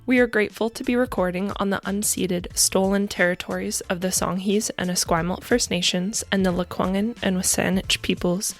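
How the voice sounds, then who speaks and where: A young woman co-hosting a podcast in casual chat, congested and phlegmy, chatty and quick to laugh. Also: mid-range voice, steady tone, soft background music. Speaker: podcast co-host.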